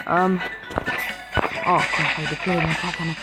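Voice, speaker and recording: A woman's voice: low voice, flat delivery, normal speed, music in the background, rough recording. A woman giving casual, chatty commentary while playing a mobile game, cheering on her units. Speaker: gaming video creator.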